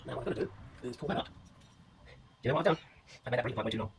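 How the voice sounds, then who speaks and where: A man talks his viewers through a motorcycle repair in his home garage. His casual commentary keeps slipping into muttering and swearing at the parts. He has an average pitch, and there is clear workshop noise around him. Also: lively intonation, very fast. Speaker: motorcycle restoration vlogger.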